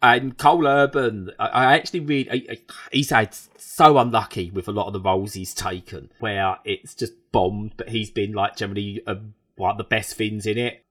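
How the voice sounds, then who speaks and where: A man from England reviewing a TV show in casual, animated chat, rambling with frequent restarts. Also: on the low side, moderate pace.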